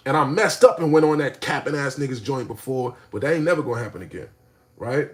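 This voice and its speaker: A man ranting on a livestream, animated and profane, swinging between low mutters and shouting. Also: quick pace. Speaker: streamer. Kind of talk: livestream rant.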